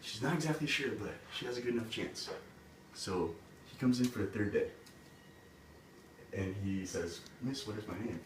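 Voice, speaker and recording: A man's voice: on the low side, expressive, moderate pace. A man retelling a fairy tale in a casual, chatty way, peppered with "like". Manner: casual, full of "like" and "he's like". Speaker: storyteller. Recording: roomy, distant mic, background noise.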